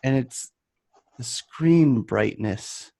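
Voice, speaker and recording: A man's voice: extremely slow, creaky, no echo, studio quality. A young man casually telling stories about vape shop customers, acting out their voices. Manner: animated, acts out customers in a higher voice. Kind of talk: casual chat, storytelling.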